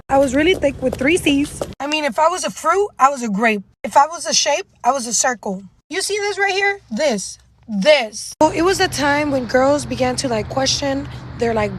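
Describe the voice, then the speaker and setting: A woman telling story-time anecdotes in a casual, slangy voice-over that gets loud and dramatic at the peaks. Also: sits high, moderate pace, few pauses, slight background noise, poor audio.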